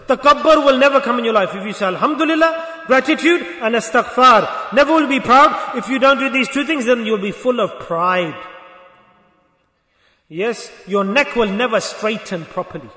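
A man preaching a lesson as a Sufi teacher, lively and acting out little dialogues, sometimes rising to a shout. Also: very high voice, brisk, echoey room, big-room sound. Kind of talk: sermon.

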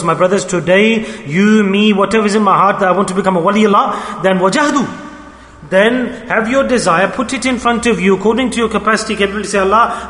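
Man preaching, high pitch, emphatic, repeats his points, roomy hall echo. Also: a bit bright. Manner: emphatic, repeating phrases, addressing the congregation directly. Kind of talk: sermon. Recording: echoey hall.

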